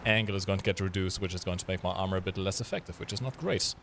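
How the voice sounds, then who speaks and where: A man's voice: low-pitched, rapid-fire, a bit bright, a little hiss or hum. A man co-hosting a game stream, chatting casually and explaining with many fillers. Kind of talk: casual gameplay commentary.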